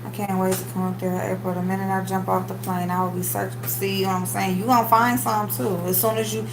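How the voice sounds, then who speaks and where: A woman's voice: mid-range voice, level tone, fast talker. A woman hosting a casual live stream, chatting with viewers and greeting them by name. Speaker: livestream host. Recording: echoey room with background noise.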